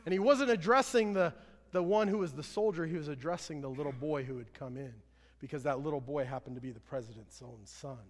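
Man preaching, somewhat high voice, earnest, rises and falls, long hall reverb. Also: a little fast. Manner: earnest preaching, swelling louder then dropping low. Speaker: pastor. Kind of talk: sermon.

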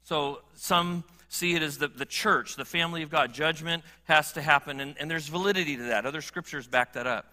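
Middle-aged pastor guy preaching, really bright ringing voice, bit high, earnest and swings loud to soft. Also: a little fast, hardly any pauses. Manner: earnest, rising to emphatic appeals then dropping low. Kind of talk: sermon.

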